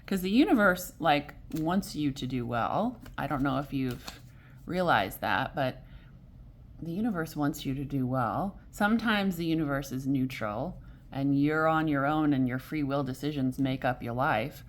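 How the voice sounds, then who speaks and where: A woman giving a casual weekly tarot reading, rambling and correcting herself as she goes, gentle and encouraging, with frequent small laughs. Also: sits low, animated, a little slow, a little hiss or hum. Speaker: tarot reader.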